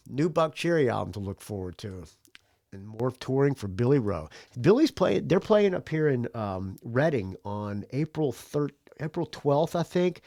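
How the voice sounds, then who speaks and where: A man's voice: mid-range voice, dry recording, studio quality. A man hosting a music podcast, chatting in a loose, rambling, laid-back way while sipping beer. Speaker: podcast host reading music news. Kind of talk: loose, rambling casual chat.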